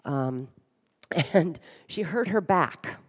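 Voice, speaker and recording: A woman's voice: low voice, lively intonation, very slow, breathy edge. Frank, wry woman speaking in a reverberant ballroom. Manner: frank, wry and humorous, with blunt swearing. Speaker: speaker at a recovery conference. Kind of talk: candid personal talk on stage. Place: large hotel ballroom stage.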